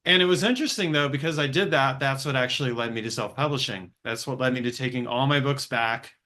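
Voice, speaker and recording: A man's voice: mid-range voice, fast talker, pushed and bright. A man hosting an interview podcast, talking candidly and reflectively about his own experiences, with casual swearing. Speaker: podcast host. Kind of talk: conversational interview.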